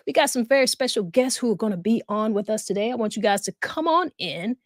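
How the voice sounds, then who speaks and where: A woman's voice: sits high, animated, brisk, few pauses, dry recording, studio quality. A tired woman co-hosting a live talk show, chatting casually and folksily with her viewers. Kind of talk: casual live-stream chat.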